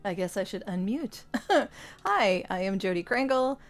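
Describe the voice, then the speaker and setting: A woman's voice: medium pitch, animated, unhurried, faint music behind. A woman introducing her character in a tabletop game, giggling and unsure of herself. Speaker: player. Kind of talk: live-streamed tabletop game.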